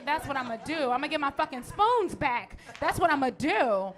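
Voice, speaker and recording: A woman's voice: high-pitched, expressive, fast talker, few pauses, crowd noise, background noise. Brash profane woman doing stand-up. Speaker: stand-up comedian. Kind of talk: stand-up comedy routine. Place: comedy stage.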